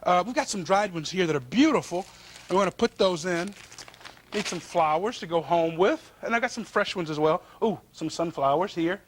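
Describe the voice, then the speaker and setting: A man's voice: high voice, expressive, moderate pace, a little hiss or hum. A middle-aged man, hosting a cooking show in a folksy, enthusiastic way and talking straight to viewers. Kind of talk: upbeat cooking show presenting.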